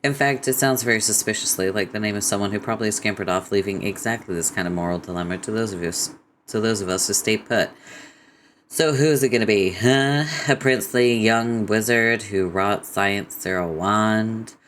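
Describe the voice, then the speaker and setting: A man's voice: fairly low pitch, normal speed, fairly bright tone, slight background noise, natural voice. A man voicing a sly, catlike young woman in a webcomic read-aloud, arch and mock-grand. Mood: teasing.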